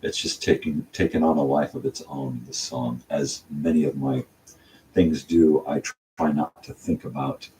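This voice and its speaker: Older man, very low voice, rambling casual monologue, heard from a distance, faint background hiss. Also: fairly even intonation, normal speed, mellow. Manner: meandering, talks through his songwriting with many fillers and restarts. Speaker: channel host. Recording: distant mic with faint room noise.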